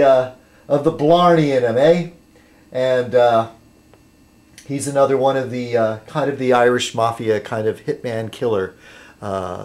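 A man vlogging casually to his subscribers, rambling and halting, with many fillers and restarts as he sips a beer. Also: medium pitch, darkish tone. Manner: chatty while sipping beer.

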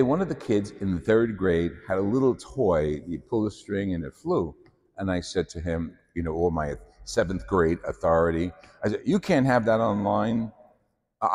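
A man's voice: low voice, a little mellow, long reverb tail. A male priest preaching a sermon in a church, telling self-deprecating stories. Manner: anecdotal storytelling, self-deprecating.

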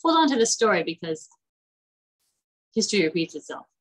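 A woman teaching an online class in a chatty, animated way, acting out the characters as she retells stories. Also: mid-range voice, a little fast, background noise.

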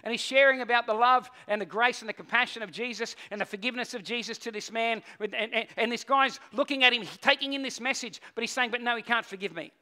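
A man preaching a sermon in a high, bright voice. He tells stories, climbing to loud, urgent peaks and then dropping into low, quiet stretches. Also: fairly even intonation, fast, few pauses. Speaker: pastor.

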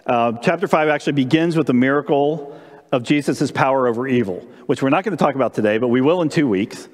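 A man preaching during a church service, telling a story in an animated way and asking the congregation questions. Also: medium pitch, quick pace, in a large hall. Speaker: pastor. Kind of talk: sermon with storytelling. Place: church sanctuary during live-streamed service.

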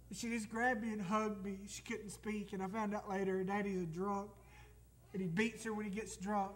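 Brisk and fairly even in intonation, this high-voiced missionary pastor from the United States delivers a testimony sermon. Emotion brings him to tears at times as he calls out to the congregation for amens.

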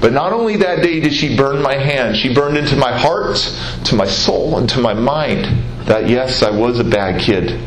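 A man's voice: medium pitch, lively intonation, soft background music. Guy telling his life story on stage, earnest, lots of repeats, echoey room. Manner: earnest storytelling with dramatic pauses and repetition. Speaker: public speaker. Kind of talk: personal testimony speech. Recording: roomy hall, faint noise.

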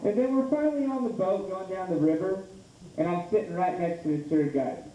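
A man from Idaho doing a rambling, self-deprecating open mic stand-up set, sometimes slipping into a mock TV ad pitch. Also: brisk, dark tone. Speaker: stand-up comedian. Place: small bar stage. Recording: echoey room from far off.

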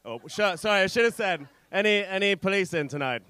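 A man's voice: sits high, animated, brisk, smooth, dry recording. Young man with a posh voice doing stand-up. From England. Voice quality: posh-sounding voice. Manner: swearing, rambling, self-mocking storytelling with loud punchlines. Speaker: stand-up comedian. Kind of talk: stand-up comedy set. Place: comedy club stage. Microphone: handheld stage mic.

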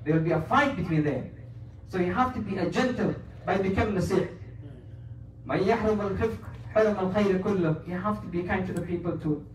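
High, fast-talking preacher in a roomy hall. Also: male voice, recorded from a distance, a little hiss or hum. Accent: Somali. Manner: earnest, mixes English with quoted Arabic. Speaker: preacher giving a Friday sermon. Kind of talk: sermon. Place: mosque prayer hall.

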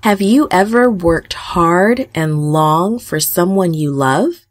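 A woman telling a Bible story for children in a gentle, expressive reading. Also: on the low side, slow, dry recording, clean studio sound. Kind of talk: scripted narration for children.

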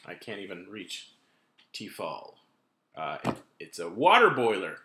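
A man's voice: low-pitched, big pitch swings, measured pace, noisy background. Self-mocking man vlogging in an echoey room. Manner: self-deprecating, wandering asides. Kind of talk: casual rambling vlog. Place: home room with kitchen items. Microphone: laptop camera.

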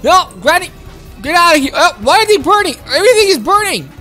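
A woman giving excitable, childlike gameplay commentary while speaking as her game character. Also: very high voice, fast talker, soft background music. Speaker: game streamer.

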